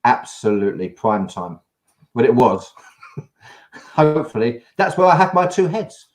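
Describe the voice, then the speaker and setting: A man's voice: mid-range voice, very animated, a little slow. A man with an English accent hosting a live video chat in a chatty, jokey way, laughing often. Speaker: show host. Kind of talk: casual live-stream chat.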